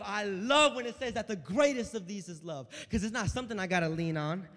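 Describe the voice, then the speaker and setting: A man preaching a sermon in a church, animated, dropping to a hush and then rising loud. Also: high voice, fairly quick, few pauses, big-room sound. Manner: animated preaching, swinging between hushed and loud.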